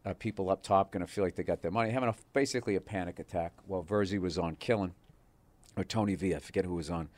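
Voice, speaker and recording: This Boston-area man speaks fast in a low-pitched, darkish voice. As a comedian guest in a casual chat, he tells loose, meandering stories laced with fillers and curse words.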